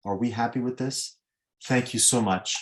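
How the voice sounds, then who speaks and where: A man's voice: medium pitch, normal speed. A man moderating a video-call question session, courteous and lightly joking, with frequent ums and uhs. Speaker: moderator of an online Q&A.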